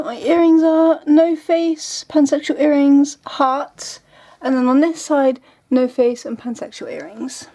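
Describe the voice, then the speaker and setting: A woman's voice: sits high, a little mellow. A young woman vlogging at home, telling stories in a rambling, giggly way. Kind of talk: casual vlog chat.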